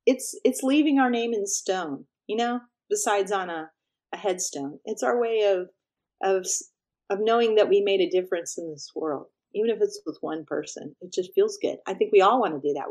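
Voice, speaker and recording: A middle-aged woman musician from Texas, chatting as an interview guest and telling lively stories, acting out quotes and laughing often. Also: medium pitch, brisk. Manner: animated storyteller, laughs often, acts out quotes. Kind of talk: casual interview chat.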